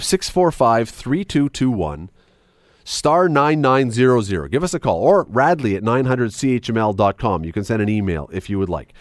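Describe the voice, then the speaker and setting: A man's voice: medium pitch, dry recording, clean studio sound. A man hosting a call-in radio show, chatty and musing aloud as he sets up a question for listeners. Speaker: radio talk show host. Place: radio studio. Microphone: studio mic.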